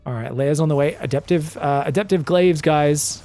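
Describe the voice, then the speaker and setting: A man giving solo commentary on a strategy game match, excitable and chatty, bursting into shouted reactions and talking straight to his viewers. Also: a little high, moderate pace, faint music behind. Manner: chatty asides, addresses viewers as guys. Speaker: esports caster.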